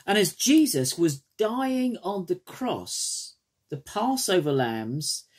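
Man, sermon, husky, very lively intonation, soft phrase endings. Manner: expressive preaching with wide pitch swings, dropping soft at phrase ends. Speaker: preacher.

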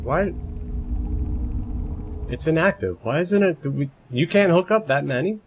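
A video game live streamer with a slightly high, breathy voice and lively intonation commentates on gameplay at a measured pace. He's chatty at home, muttering to himself and occasionally letting out playful shrieks while his roommate sleeps nearby.

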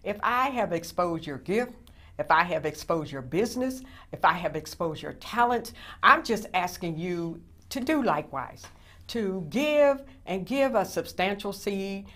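A woman's voice: medium pitch, lively intonation, unhurried, a bit bright. A woman who hosts a Christian network show, earnestly urging her past guests to give, with many hesitations. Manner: earnest pleading, with many "uh" fillers and affirmations. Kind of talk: telethon appeal.

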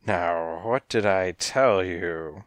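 A man reading an audiobook, voicing a hulking, gravel-voiced gangster cat with a slow, threatening drawl. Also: low voice, fairly even intonation, bright, forceful tone, no room sound, clean studio sound, heavily acted. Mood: menacingly patient. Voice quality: raspy, gravelly. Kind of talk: audiobook character voice.

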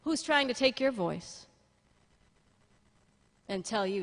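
A middle-aged woman pastor preaching a sermon in an animated way, often laughing and building to loud emphatic peaks. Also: sits high, a little slow, long pauses. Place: church sanctuary. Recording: long church-hall reverb.

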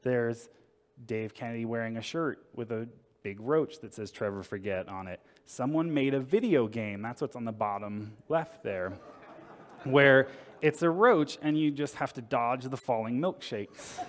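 A man's voice: mid-range voice, a little slow. Wry man telling a story in a reverberant hall. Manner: casual, wry, acts out quotes. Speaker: conference speaker. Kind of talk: humorous storytelling talk. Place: conference hall. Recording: long reverb in a conference hall.

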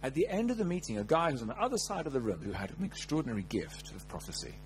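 A man's voice: medium pitch, quick pace, a little hiss or hum, poor audio. A man preaching a sermon, telling personal stories with humor and acting out quotes. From England. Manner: animated, humorous, acts out quotes.

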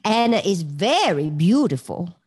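A woman voicing a loud older mother with a Cajun accent, drawn out and piercing. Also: on the low side, big pitch swings, unhurried, slightly rough, heavily acted. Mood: doting.

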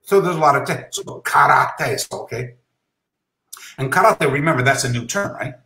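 A man and karate master telling an anecdote, lively and acting out dialogue, dropping Japanese terms into his speech. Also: medium pitch, moderate pace, vocal fry, roomy sound, poor audio. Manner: animated, acts out remembered dialogue. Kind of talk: anecdotal storytelling.

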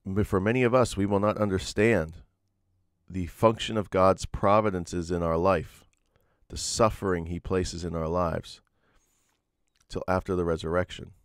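A man's voice: deep voice, steady tone, unhurried, clean tone, dry recording, studio quality. A man preaching a sermon, earnest and explanatory, often restarting his sentences with fillers. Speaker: pastor.

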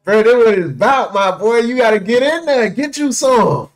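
A man hosting a movie reaction, excitable and full of slang, laughing along. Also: extremely high pitch, normal speed. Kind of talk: casual reaction commentary.

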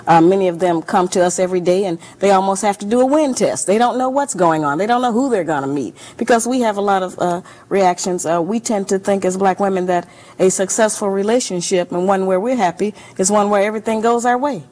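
A woman being interviewed as an author, speaking in an earnest and deliberate way. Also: mid-range voice, a little mellow. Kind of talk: televised interview.

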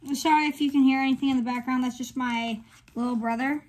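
A woman's voice: high-pitched, fairly even intonation, fast, darkish tone, slight background noise. A woman hosting her own channel, giving casual commentary as she reads off items one by one in short phrases. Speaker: channel host. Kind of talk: casual card-opening commentary.

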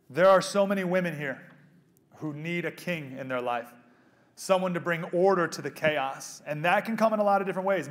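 A man in his thirties giving a live motivational speech to an audience. He is animated and jokes with the crowd, then drops to a soft, hushed voice. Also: fairly high pitch. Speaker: speaker at a pro-life event. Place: event venue with a live audience.

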